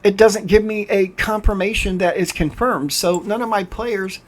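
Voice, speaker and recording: A man's voice: high-pitched, moderate pace. An older man hosting a gaming channel, commenting on a game while playing, frustrated and ranting, often stumbling and restarting his words. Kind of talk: game commentary over screen capture.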